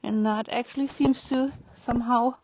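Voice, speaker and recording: Calm woman narrating from horseback. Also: fairly high pitch, normal speed, no echo. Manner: calm, reflective, speaks softly to the horse. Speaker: riding instructor. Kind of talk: narrating while riding. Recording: dry, dull lo-fi sound.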